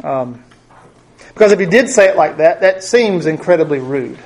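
Man, middle-aged, Bible study teacher, chatty, quizzes the group, slightly high voice. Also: lively intonation, moderate pace, a little mellow. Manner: conversational, asks the group questions.

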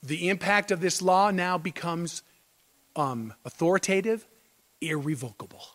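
A man's voice: high-pitched, unhurried, fairly bright tone. A man pastor preaching an expository sermon, emphatic and full of rhetorical questions. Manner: emphatic, rhetorical questions, repeats key phrases.

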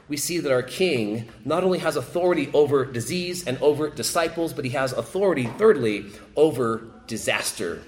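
Emphatic male preacher. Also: medium pitch. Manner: emphatic, repeats phrases, voice rises sharply when quoting pleas. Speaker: pastor. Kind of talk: sermon.

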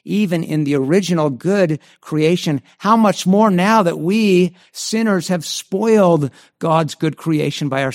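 A man's voice: a little high, no room sound, clean studio sound. A man preaching a sermon in an earnest way, often restarting and repeating words as he goes. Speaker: pastor.

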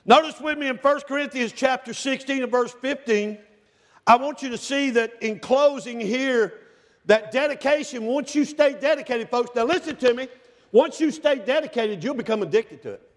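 High-voiced preacher in a reverberant church. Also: male voice, moderate pace. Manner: swings from shouting to hushed, near-whispered passages. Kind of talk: sermon. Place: church sanctuary. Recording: long hall reverb.

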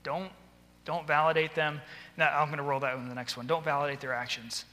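Man, teacher running a training talk, a bit high, crisp bright voice, reverberant hall. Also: flat delivery, a little fast. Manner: earnest, conversational, drops to soft voice for acted quotes. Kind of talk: instructional talk with acted classroom dialogue. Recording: long echoey hall reverb.

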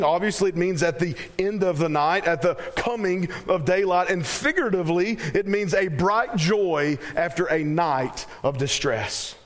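Slow, emphatic Southern preacher man. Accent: Southern American. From American South. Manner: slow, emphatic, repeats phrases, drops pitch at phrase ends. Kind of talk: sermon.

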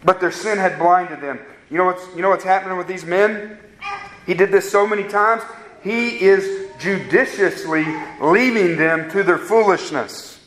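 High-voiced preaching man in an echoey room. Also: moderate pace, fairly bright tone, slight background noise. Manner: earnest preaching with rhetorical questions to the congregation. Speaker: pastor. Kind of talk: sermon. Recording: roomy echo.

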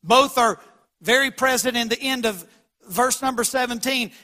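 A man preaching a sermon as pastor, swinging from quiet lows to loud emphatic peaks. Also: moderate pace. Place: church sanctuary.

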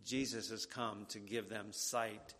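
A man preaching a sermon, deliberate and emphatic, repeating key words for weight. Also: fairly low pitch, fairly even intonation, bright, forceful tone, slightly rough. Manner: slow and deliberate, with emphatic repetition. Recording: long hall reverb.

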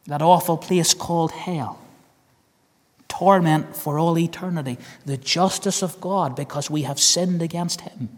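A man's voice: on the high side, steady tone, a little slow. A man with a Northern Irish accent preaching a sermon, earnest, repeating key phrases and calling listeners friend. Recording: long hall reverb.

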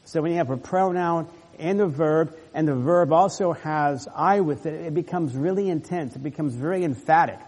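Earnest pastor in a reverberant hall. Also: male voice, fairly high pitch, normal speed, hardly any pauses, darkish tone. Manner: earnest, explanatory, with emphatic stresses. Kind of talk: sermon.

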